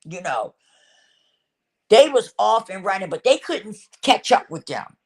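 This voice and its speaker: A woman's voice: medium pitch, measured pace. Middle-aged woman telling a personal story. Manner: animated retelling, often repeating "I said". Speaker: vlogger. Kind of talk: casual storytelling.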